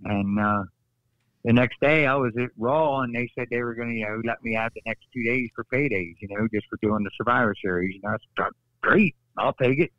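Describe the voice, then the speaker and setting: A man, a former wrestler, telling stories on a podcast in a casual, animated way, acting out quotes. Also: fairly quick, dry recording, lo-fi sound. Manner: animated, acts out quotes with raised pitch. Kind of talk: casual storytelling.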